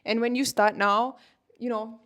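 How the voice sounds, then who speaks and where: A woman's voice: on the high side, fairly even intonation, a little slow, fairly bright tone. A woman in her twenties, a manifestation coach talking casually to camera, chatty and filling her talk with "like" and "you know", laughing often. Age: 20s.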